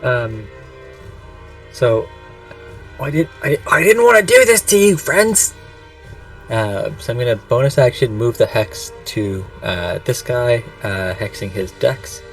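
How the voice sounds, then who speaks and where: A man's voice: medium pitch, lively intonation, slow pace, distant mic, faint music behind. A man playing in a tabletop game, playful and hammy, though sometimes hesitant. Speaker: player.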